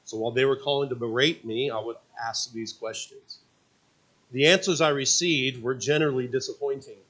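A man preaching at a church service, reading an account aloud, halting with frequent restarts and questions to the congregation. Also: mid-range voice, fairly bright tone, husky, poor audio. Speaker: pastor.

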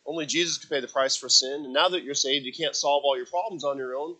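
A man preaching a sermon, telling stories with acted quotes and swinging from loud dramatic bursts to low, quiet asides. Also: fast talker, rough recording. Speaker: pastor.

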